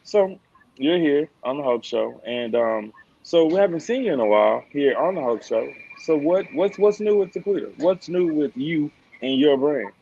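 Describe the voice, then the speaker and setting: A man co-hosting a casual online show, relaxed with laughing asides. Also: on the high side, moderate pace, creaky, slightly rough. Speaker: co-host. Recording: dull dry lo-fi sound.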